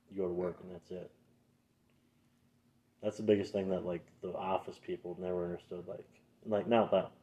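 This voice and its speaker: A man's voice: low voice, warm tone. A young man with a Minnesotan accent, telling loose, profanity-heavy stories in a casual podcast chat. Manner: loose, swearing, laughing storyteller. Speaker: podcast co-host. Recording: dull lo-fi sound.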